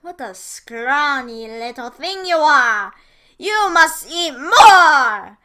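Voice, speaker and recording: Woman doing a loud, cruel old witch, bright and high, drawn out. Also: expressive, very slow, exaggerated voice. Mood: scornful. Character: shrieking old female witch, cruel and impatient.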